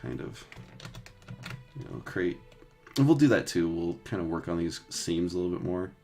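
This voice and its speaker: A man's voice: sits low, sing-song, normal speed, vocal fry, dark tone, soft background music. A man in his thirties chatting casually while painting textures live, rambling with lots of filler words, swearing and laughing easily. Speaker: 3D artist streaming his texturing work.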